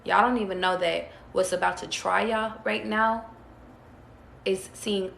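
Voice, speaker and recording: This tarot reader speaks a little slowly in a mid-range, steady voice with vocal fry and a fairly bright tone. Giving her viewers a casual spiritual pep talk, she's blunt and swears freely, repeating herself to drive each point home. Her audio sounds roomy and echoey, with faint background hiss.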